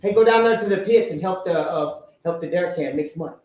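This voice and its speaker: A man telling his recovery story to a live audience, animated and sometimes shouting. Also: sits high, fairly quick, highs cut off. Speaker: speaker sharing a recovery story. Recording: very echoey room, faint noise.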